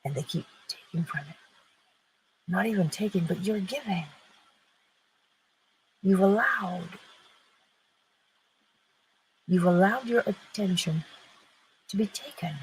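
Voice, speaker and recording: A woman hosts an inspirational talk in a mid-range voice, speaking slowly with long pauses and emphatic delivery, posing rhetorical questions and answering them herself. The recording is rough, with a little hiss or hum.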